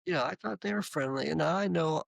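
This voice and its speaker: A man being interviewed, casually telling lively anecdotes with frequent restarts. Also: fairly high pitch, brisk, gravelly, no room sound. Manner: animated, laughing anecdotes with acted quotes. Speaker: interview guest. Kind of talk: casual storytelling.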